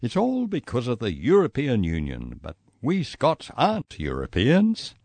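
A man voicing a gloomy, talkative middle-aged Scotsman who grumbles bluntly, pitched above his own voice. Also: wildly swooping pitch, measured pace, a little mellow, no echo, heavily acted. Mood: grumbling.

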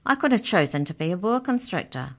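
Storybook mouse tooth fairy, tiny and squeaky, voiced by a woman reading aloud. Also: very animated, brisk, a bit bright. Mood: defiant.

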